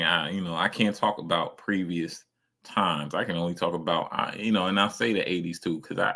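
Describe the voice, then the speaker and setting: A man's voice: low voice, vocal fry, sharp tone. A man streaming casual reaction commentary, ranting emphatically and swearing a lot.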